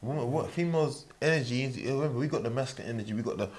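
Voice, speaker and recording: A man, a guest in a casual panel discussion, speaking in an animated, joking way and calling others "man" and "bro". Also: mid-range voice, racing, a little hiss or hum. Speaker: guest on a talk show.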